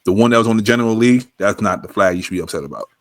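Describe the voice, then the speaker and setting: A man's voice: on the low side, expressive, racing, dry recording, studio quality. A man in casual podcast chat, joking bluntly and repeating his punchlines.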